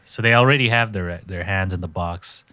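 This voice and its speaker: A man co-hosting a podcast, retelling a show in casual chat and acting out quotes in sudden high voices. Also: a little fast, sharp tone, no echo. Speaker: podcast co-host.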